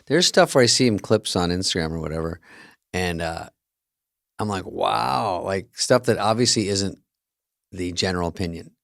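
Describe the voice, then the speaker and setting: A man's voice: low voice, normal speed, creaky, fairly bright tone, no room sound, clean studio sound. A man from Arizona and California co-hosting a podcast, talking in a laid-back, wry, self-deprecating way. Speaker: podcast co-host. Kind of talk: casual chat.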